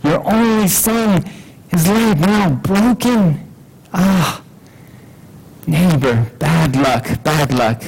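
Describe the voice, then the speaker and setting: A man voicing an excitable village neighbor who exclaims over every turn of luck in a parable. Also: fairly high pitch, very slow, creaky, pauses often, slightly rough, exaggerated voice, poor audio. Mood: mock pity. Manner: exclaiming, over-the-top sympathy and delight.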